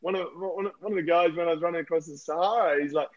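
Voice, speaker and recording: Animated man, lo-fi sound. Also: on the high side, racing, hardly any pauses. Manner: animated, repeats words when excited, says "mate". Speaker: podcast guest, former rugby player and endurance athlete. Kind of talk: casual conversational storytelling.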